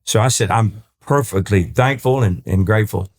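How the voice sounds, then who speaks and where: A man's voice: fairly low pitch, normal speed. An older man from East Texas, telling stories as a guest on a casual interview podcast and acting out the dialogue as he goes. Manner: animated storyteller who acts out quoted dialogue, with frequent restarts. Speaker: country singer, podcast guest.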